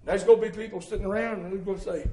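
A man's voice: high-pitched, steady tone, racing. Fervent preacher man, echoing hall. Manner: fervent, shouting bursts, rhythmic repetition. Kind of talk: sermon.

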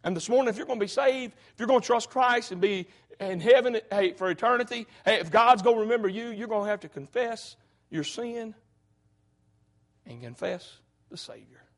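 A man's voice: high voice, lively intonation, moderate pace. A man preaching a sermon, fervent and folksy, often breaking in with "hey".

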